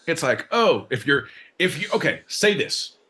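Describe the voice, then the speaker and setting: At a live show venue, a podcast co-host rants in a profane, theatrical way, adding mock-Shakespearean flourishes. His voice is a little high and sing-song, with a sharp tone and a moderate pace.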